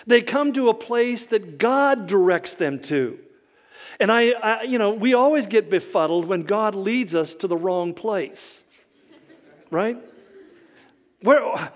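A man delivers a sermon in a high, bright-edged voice, telling stories with humor and dramatic quoted lines. The sound rings with long reverb, as in a large hall. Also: expressive, slow pace. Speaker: pastor.

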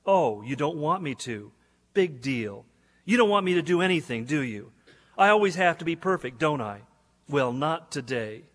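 A man's voice: on the high side, lively intonation, moderate pace, fairly bright tone. A man acting out a defiant, arrogant man answering harshly and mockingly, in an echoey hall.

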